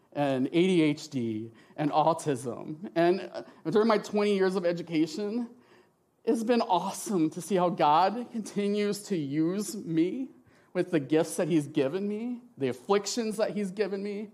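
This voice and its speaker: A middle-aged man, passionate and expressive, giving an emotional church testimony with slides and often checking in with "right?". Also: high-pitched. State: tearful at times.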